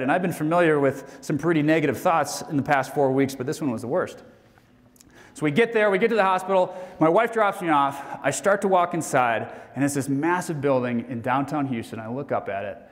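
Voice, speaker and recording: A man in his forties gives a heartfelt keynote from a stage, with a voice of middling pitch. His delivery is earnest and dips to near hushes before it climbs back to energetic peaks. The sound carries a long reverb from a large hall. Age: 40s. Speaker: motivational keynote speaker. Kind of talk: personal storytelling speech.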